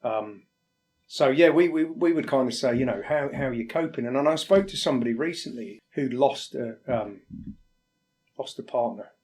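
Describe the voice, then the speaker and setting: A man from England talks in a reflective interview. He is a firefighter whose pitch sits in the middle range. His speech is candid and halting, and he sometimes acts out the conversations he quotes. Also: a little mellow. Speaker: firefighter guest.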